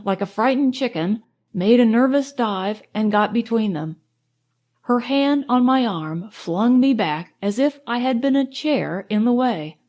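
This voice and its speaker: A woman narrating an audiobook in a measured, expressive storytelling manner. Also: on the high side.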